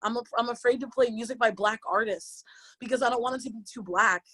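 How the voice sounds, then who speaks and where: A woman in her late twenties, tearful as she speaks on a panel. Her voice sits a little high, and her delivery is impassioned and halting, full of repeated restarts. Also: bright, forceful tone, husky. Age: late 20s. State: crying, tearful. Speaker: yoga teacher, panelist. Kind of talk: emotional personal testimony on a panel.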